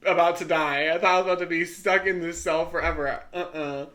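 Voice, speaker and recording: A young woman co-hosting a casual chat podcast, a relaxed storyteller who restarts her sentences and laughs softly as she talks. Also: fairly low pitch, a little fast. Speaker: podcast co-host.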